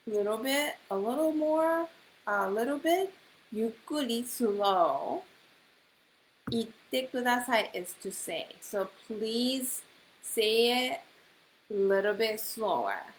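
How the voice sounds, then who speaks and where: A woman teaching a Japanese class in English, explaining phrases and repeating them slowly. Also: medium pitch, expressive, poor audio. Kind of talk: online language class. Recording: faint hiss.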